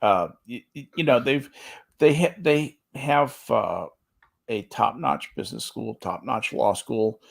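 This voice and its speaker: A man on a podcast panel, talking in a halting way with lots of restarts. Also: mid-range voice, gravelly, breathy edge. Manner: halting, many restarts and stammers. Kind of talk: casual chat.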